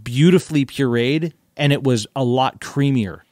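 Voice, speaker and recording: A man's voice: medium pitch, moderate pace, a little mellow, no echo, clean studio sound. Easygoing guy on a podcast. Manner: easygoing, laid-back slang. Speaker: podcast co-host. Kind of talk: casual chat.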